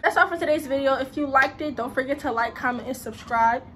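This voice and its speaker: A hoarse teenage girl talks straight to her viewers in a relaxed vlog, her worn voice sitting a bit high for a woman. She sounds tired and a little breathless. Steady background noise runs under the phone recording. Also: quick pace. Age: late teens. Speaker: vlogger. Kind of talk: casual vlog chat.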